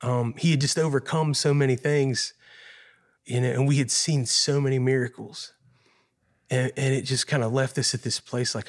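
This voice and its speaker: A man's voice: mid-range voice, little pitch movement, a little slow, long pauses. Earnest man telling a painful story. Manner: earnest, emotional, repeats phrases and says "man" often. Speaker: guest musician. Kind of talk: heartfelt personal storytelling.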